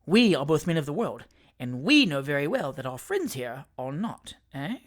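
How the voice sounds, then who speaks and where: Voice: medium pitch, sing-song, normal speed, pitched below the performer's own voice. A narrator voicing Perker, a fussy little attorney. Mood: coaxing. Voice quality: soothing, wheedling, keeps repeating "my dear sir". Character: bustling, fussy little male attorney, ingratiating. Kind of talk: audiobook character reading.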